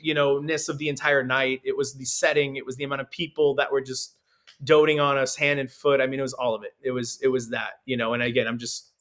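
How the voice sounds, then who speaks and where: A young man, a restaurant owner, telling a story in casual podcast talk, animated and full of fillers. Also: mid-range voice, quick pace. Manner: animated, filler-heavy, laughs often.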